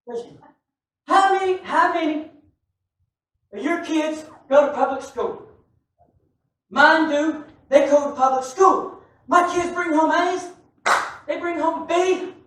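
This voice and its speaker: A man preaching a sermon, telling stories with laughter and bursting into shouts. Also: very high voice, moderate pace, long pauses. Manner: animated, often shouting, laughing storyteller. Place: church sanctuary. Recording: echoey church from far off.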